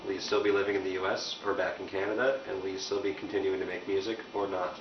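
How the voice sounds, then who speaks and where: Man with a fairly low voice, reads fan questions plainly, off-mic in an echoey room. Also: little pitch movement, fast talker. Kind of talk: reading questions aloud. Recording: distant, roomy, dull recording with faint noise.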